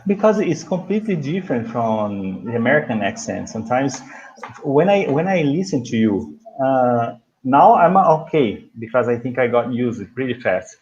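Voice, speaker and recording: A man's voice: mid-range voice, big pitch swings, moderate pace, a little mellow. Brazilian guy hosting a live stream, friendly, reads out comments, kinda dull audio. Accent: Brazilian Portuguese. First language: Portuguese. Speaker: host and English teacher. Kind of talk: casual live-stream chat.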